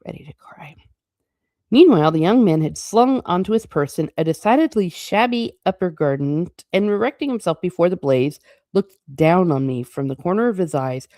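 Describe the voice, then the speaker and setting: A woman reads a classic novel aloud, her voice pitched a little low. She stops often for quick, chatty, playful remarks. The sound is dry and close, with no room echo. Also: lively intonation, dark tone. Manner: chatty asides between passages, quick and playful. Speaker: book reading channel host. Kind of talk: reading a novel aloud with casual commentary.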